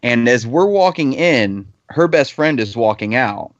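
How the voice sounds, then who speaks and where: A man's voice: medium pitch, expressive, unhurried, no echo. Man, thirties, profane storyteller, casual podcast chat, close dry voice, muffled audio. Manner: profane, heated anecdote-telling. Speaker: podcast panelist. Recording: slightly dull lo-fi podcast audio.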